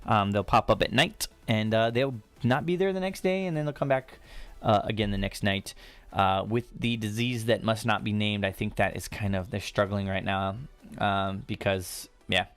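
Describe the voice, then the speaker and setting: A man's voice: fairly low pitch, normal speed, a bit bright, smooth. A man, hosting a casual live-stream Q&A and rambling with lots of fillers. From United States. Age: 30s. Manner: rambling, chatty, many fillers and restarts.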